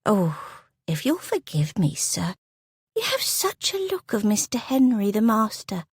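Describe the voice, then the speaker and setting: A woman voicing a timid, frail elderly housekeeper who speaks softly and apologetically. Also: medium pitch, huge pitch swings, a little slow, breathy edge, no echo, clean studio sound, heavily acted.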